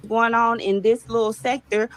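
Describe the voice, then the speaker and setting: A woman content creator lays out her side in a defensive, matter-of-fact tone, heard in a clip played back on the stream. Her voice sits a little high, and she talks plainly and casually. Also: fairly even intonation, moderate pace, a bit bright.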